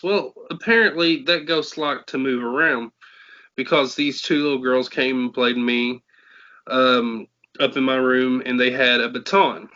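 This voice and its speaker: Bright-voiced man from Tennessee. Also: mid-range voice, fairly even intonation, moderate pace. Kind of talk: casual chat. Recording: muffled lo-fi podcast audio.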